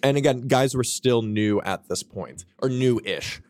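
A man's voice: mid-range voice, a little slow, darkish tone, no echo. A man in his twenties telling candid, profane stories as a guest author on a casual podcast.

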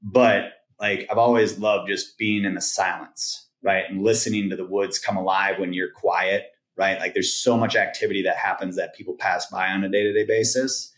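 A man's voice: sits low, fairly even intonation, moderate pace, hardly any pauses, a bit bright. A man, a podcast guest, rambling through a story with lots of "like" and "right?". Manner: rambling, filler-heavy retelling with "like" and "right?". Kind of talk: casual storytelling. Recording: roomy echoing sound.

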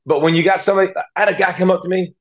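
A man's voice: sits high, steady tone, very fast. A former football player and analyst, a man, talking as an interview guest, telling stories earnestly and emotionally with many restarts. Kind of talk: casual interview talk.

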